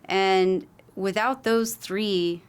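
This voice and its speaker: A woman's voice: mid-range voice, steady tone, very slow, clear, resonant tone. A woman wellness coach telling client stories on a podcast, earnest and rambling with many fillers. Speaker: holistic wellness coach, guest. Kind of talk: casual podcast conversation.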